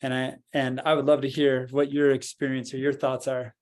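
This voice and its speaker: A man co-hosting a podcast, guiding a meditation and then chatting calmly and reflectively. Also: mid-range voice, moderate pace. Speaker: podcast co-host. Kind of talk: guided meditation and casual talk.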